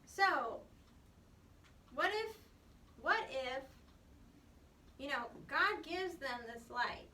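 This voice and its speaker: A woman's voice: high-pitched, expressive, drawn-out words, long pauses, bright, forceful tone. A woman teaching a Bible class, emphatic and explanatory, often stopping with "um" and "okay". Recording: echoey room recorded from far off.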